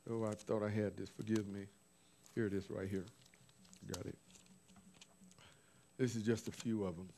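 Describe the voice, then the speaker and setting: A man's voice: medium pitch, darkish tone. A man preaching informally, recounting visions from his notes with restarts and asides. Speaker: apostle preaching. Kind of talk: sermon.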